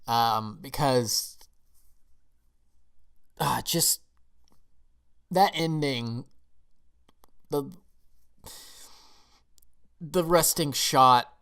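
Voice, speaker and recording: A man's voice: mid-range voice, drawn-out words, pauses often, fairly bright tone, clear, resonant tone. A man from the United States giving a casual, rambling film review vlog, often emotional and restarting his sentences.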